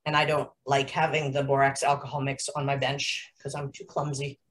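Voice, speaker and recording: Low-voiced woman teaching a video-call class. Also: completely flat delivery, normal speed, far from the mic, slight background noise, rough recording. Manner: chatty, explanatory, with many ums and restarts. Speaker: jewelry-making instructor. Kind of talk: live online class instruction.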